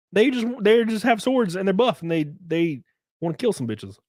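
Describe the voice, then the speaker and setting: A man's voice: high-pitched, very animated, normal speed, darkish tone, no room sound. A man with a Southern US accent chatting casually on a live stream, reading chat aloud, swearing freely and laughing often.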